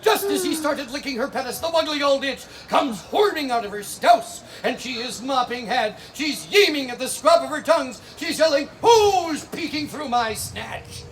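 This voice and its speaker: A man's voice: very high-pitched, animated, normal speed, few pauses. A man telling a comic fairy tale full of spoonerisms on an outdoor fair stage, bantering with the audience. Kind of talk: live comedic storytelling with spoonerisms. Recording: live outdoor show with crowd noise.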